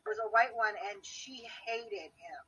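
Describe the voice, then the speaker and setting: A woman's voice: a little high, measured pace, a bit bright, husky. A woman telling a teasing story in casual podcast chat. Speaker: podcast co-host. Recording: distant from the mic.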